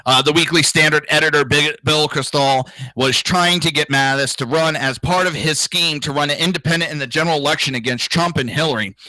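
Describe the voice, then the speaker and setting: A man's voice: fairly high pitch, steady tone, fairly quick, few pauses, sharp tone, no room sound, poor audio. A man hosting a political talk show, ranting crudely and indignantly, with profanity and mocking impressions of others. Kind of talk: ranting solo commentary.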